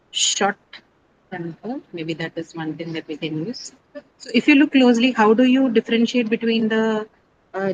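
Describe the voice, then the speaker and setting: A woman's voice: lowish voice, low-quality recording. Female teacher, online class, explanatory, keeps asking "right?", noticeable background noise. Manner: explanatory, often checks with "right?". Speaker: English teacher.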